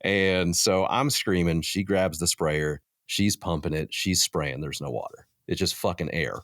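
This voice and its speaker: Deep-voiced animated male storyteller. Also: measured pace, dry recording, clean studio sound. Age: 30s. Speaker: podcast guest. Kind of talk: casual storytelling chat.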